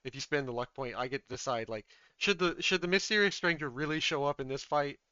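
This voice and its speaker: A man in the game master's chair, narrating a tabletop game in a casual, chatty, upbeat way. His voice is smooth and clear, sitting at a middle pitch. The recording is dry and a little muffled. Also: quick pace, bright, forceful tone, no echo.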